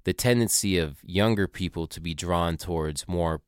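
Deep-voiced man in a profane rambling monologue. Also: normal speed, clear, resonant tone, no echo, studio quality. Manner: rambling, profane, conspiratorial asides. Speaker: podcaster recounting a tour. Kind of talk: casual monologue.

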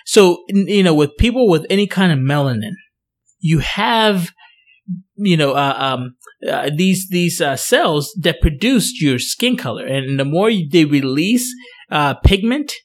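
A man's voice: fairly high pitch, expressive, measured pace. A man who hosts a casual podcast as a dentist, explaining things at length with many fillers and restarts. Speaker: dentist, periodontist podcast host.

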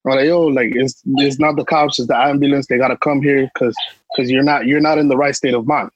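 Husky-voiced New man telling a story. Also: medium pitch, fairly even intonation, brisk, no echo, highs cut off. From New York. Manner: emphatic, repetitive street slang. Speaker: podcast co-host. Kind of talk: casual storytelling chat.

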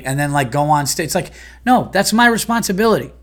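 A man's voice: a little high, animated, fast, a bit bright. A comedian and podcast host ranting in a heated, profane, exasperated monologue about his day.

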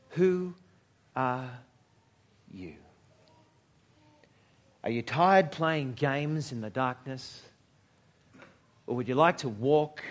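Male pastor, high-ish voice, reflective sermon delivery with dramatic pauses and soft near-whispered lines. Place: church service.

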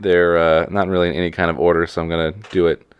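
A man with a smooth, low voice co-hosts a casual comedy podcast. He talks in a laid-back, deadpan way over a close, dry mic. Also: quick pace, dry recording, muffled recording. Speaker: podcast co-host.

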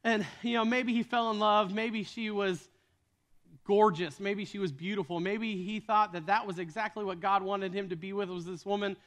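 A man's voice: high voice, fairly even intonation, moderate pace, a bit bright. A man preaching a sermon as a retold story, casual in tone with joking asides.

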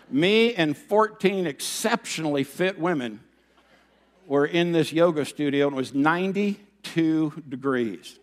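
A middle-aged man preaching a sermon as pastor, animated, telling stories and swinging from loud bursts to hushed, quiet passages. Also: on the high side, unhurried. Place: church sanctuary. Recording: long reverb of a large hall.

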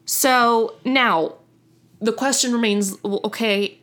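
A woman's voice: fairly high pitch, steady tone, slow, fairly bright tone. Chatty young woman telling a story. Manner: chatty, self-correcting, laughs at own slips. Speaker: podcast host. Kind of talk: casual storytelling chat.

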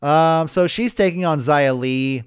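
A man's voice: a little slow, smooth, dry recording, studio quality. A man co-hosting a casual wrestling podcast, recapping matches in a loose, swearing, joking way. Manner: animated, loose, swears, mocks wrestlers in high shouted voices.

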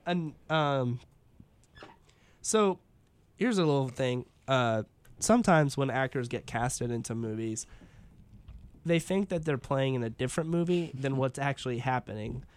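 A man's voice: mid-range voice, expressive, unhurried. A man hosting a casual chat, rambling with lots of fillers and laughing often. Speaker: podcast host.

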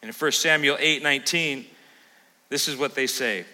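A male pastor preaching a sermon in a church, animated and acting out the voices of scripture. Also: a little high, normal speed, in a large hall, rough recording. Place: church sanctuary.

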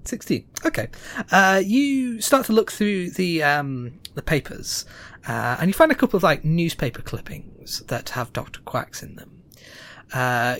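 A man's voice: fairly high pitch, a bit bright. A man narrating as game master of a tabletop game, casual and full of fillers.

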